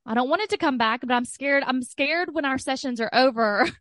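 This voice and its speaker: A woman's voice: high-pitched, brisk, a bit bright, no room sound, clean studio sound. A woman talking candidly as a podcast guest and coaching client, chatty and full of "like" with frequent laughter. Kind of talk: candid casual chat.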